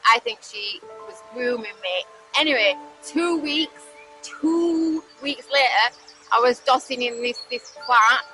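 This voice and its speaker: A woman with a Yorkshire accent from West Yorkshire, telling her own life story candidly, halting with fillers and restarts, and swearing bluntly. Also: fairly high pitch, bright, forceful tone, rough recording. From West Yorkshire, England. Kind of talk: candid personal testimony.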